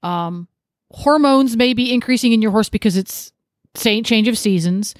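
A woman's voice: a little high, moderate pace, no echo, clean studio sound. A woman hosting a casual radio talk show, prompting her guests and steering the conversation. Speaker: show host.

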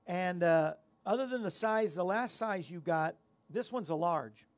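A man's voice: high-pitched, lively intonation, measured pace, no echo. A man hosting a casual talk show, rambling and self-deprecating as he chats and tells corny jokes. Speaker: show host.

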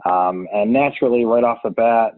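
A man's voice: mid-range voice, a little fast, no echo. A man in his thirties from Cleveland, a business co-founder telling his story in a casual interview, chatty with lots of fillers, heard over a call line. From Cleveland, Ohio. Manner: chatty, filler-heavy, restarts often. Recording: tinny phone-call line.

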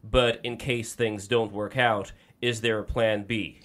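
A man's voice: fairly low pitch, little pitch movement, unhurried, fairly bright tone. A man hosting a livestream panel. He talks in a rambling, friendly way with many fillers. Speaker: host.

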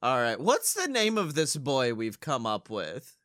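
A man's voice: mid-range voice, measured pace, dry recording, clean studio sound. A man co-hosting a comedy podcast, riffing energetically and laughing often between jokes. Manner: energetic, giggly, talks over his partner. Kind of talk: improvised comedy banter.

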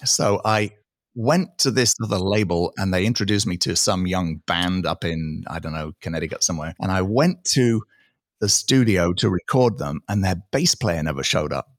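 Brief: 50s man, British accent with American phrasing, low-pitched, lively storyteller, dry close sound. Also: no echo. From British Isles. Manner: animated, quick asides and acted-out quotes. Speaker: guest. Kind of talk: casual interview storytelling.

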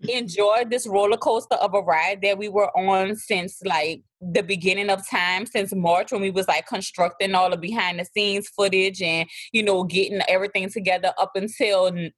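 A woman with a thick New Orleans accent talks in a relaxed, chatty way, a little husky. The sound is close and dry. She co-hosts a casual podcast chat. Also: medium pitch, moderate pace, hardly any pauses, dry recording. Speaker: podcast co-host.

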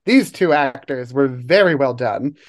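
A podcast co-host talking through a TV episode with dry humor and thoughtful analysis. The voice sits at a middling pitch, and it often slows down deliberately to choose its words. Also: animated. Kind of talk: casual TV analysis chat.

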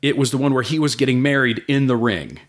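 A middle-aged man spins a lively yarn in easy, casual talk, his pitch swinging up high whenever he acts out someone else's voice. He curses freely and talks the way he would among friends. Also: fast talker. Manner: animated storyteller, swears, acts out voices. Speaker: guest, food business owner. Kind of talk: casual storytelling.

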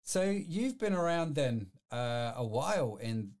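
A man's voice: a little high, sing-song, unhurried, darkish tone, a little hiss or hum. A man hosting a live-streamed podcast, chatty and rambling, full of fillers and restarts. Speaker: podcast host.

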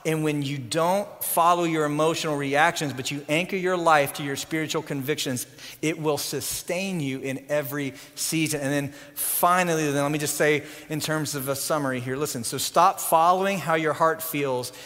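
Impassioned man preaching, bright and high. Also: fairly even intonation, moderate pace. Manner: impassioned, builds to loud emphatic peaks then drops quiet. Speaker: pastor. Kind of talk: sermon. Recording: long hall reverb.

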